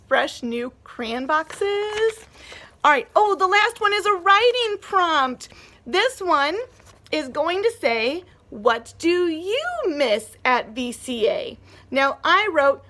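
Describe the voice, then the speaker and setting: Brief: woman teacher, high bright voice, gentle and encouraging with young kids. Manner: gentle, encouraging, sing-song teacher talk. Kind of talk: remote lesson for young children.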